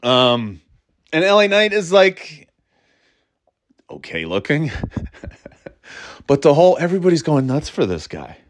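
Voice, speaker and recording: A man's voice: on the high side, sing-song, slow pace, long pauses, slight background noise. A man talking casually on his own, rambling with fillers and restarts and cutting in short jokey imitations. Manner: breaks into short mock catchphrase imitations. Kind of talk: casual solo chat.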